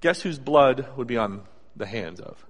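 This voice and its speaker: A man preaching a sermon in a conversational, animated storytelling way, acting out asides as he goes. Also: mid-range voice, a little slow. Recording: long hall reverb.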